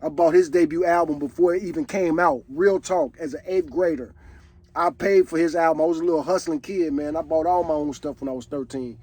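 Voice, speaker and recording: A man's voice: fairly high pitch, a little fast, dark tone. A man, reacting to a song in casual commentary, earnest and preachy. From Chicago. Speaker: reaction video host.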